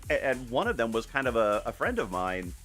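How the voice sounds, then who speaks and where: A man in his painting studio talks loosely to his viewers as he works, with a lively, swinging pitch. He rambles, stumbles over restarts and pokes fun at himself. Faint music plays underneath. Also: fairly quick. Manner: rambling and self-deprecating, with frequent restarts and laughs. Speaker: artist streaming a live painting session. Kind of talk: casual chat while painting.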